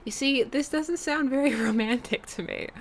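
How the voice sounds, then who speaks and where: A woman's voice: high-pitched, moderate pace, slight background noise. A woman chatting and joking as she plays a dating game, reading narration aloud. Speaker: streamer. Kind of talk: let's play commentary and reading game text.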